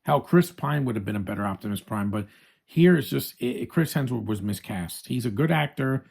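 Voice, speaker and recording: Male movie reviewer, medium pitch, casual and opinionated, addresses the audience directly. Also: expressive, brisk, creaky, a little mellow, husky. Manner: chatty, opinionated, frequent restarts, addresses viewers as guys.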